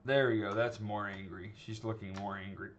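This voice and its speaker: A man's voice: on the low side, fairly even intonation, moderate pace, lo-fi sound, a little hiss or hum. A man teaching an animation tutorial in a loose, conversational way, often checking in with "okay?" and "right?" and restarting his sentences. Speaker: animation instructor. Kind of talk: screen-recorded tutorial, casual teaching.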